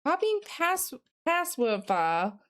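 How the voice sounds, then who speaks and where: A woman's voice: high-pitched, very animated, slow pace, a bit bright. A woman streamer chatting casually on a live stream, reading chat messages aloud, answering them, and thinking aloud while she studies.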